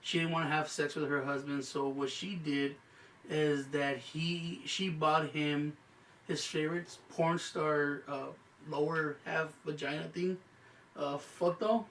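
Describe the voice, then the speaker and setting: A man's voice: a little high, steady tone, a little slow, fairly bright tone, recorded from a distance. A man hosting a casual podcast, telling a story full of swearing and acting out what people said. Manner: profane storyteller, acts out quotes. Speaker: podcast host. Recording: roomy, off-mic with faint hum.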